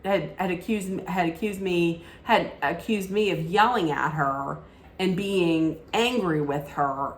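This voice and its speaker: A woman with a lowish voice rants casually about a reality show, offering a strongly opinionated recap. She keeps restarting sentences and slipping in asides, and the recording sounds roomy.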